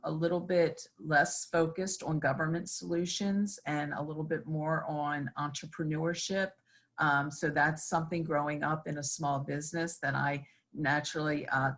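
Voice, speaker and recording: A middle-aged woman, a state senator, answering student interview questions earnestly with frequent fillers. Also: sits low.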